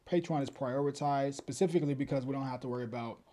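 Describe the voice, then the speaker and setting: A man's voice: mid-range voice, quick pace, warm tone. A man co-hosting a casual true crime live stream, laid-back and easygoing.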